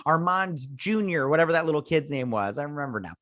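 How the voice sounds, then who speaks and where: A man's voice: fairly high pitch, animated, fast talker, a bit bright, no room sound, studio quality. Chatty man rambling through a recap. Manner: rambling, chatty, many fillers and restarts. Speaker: show host reviewing an episode. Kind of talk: casual recap and review.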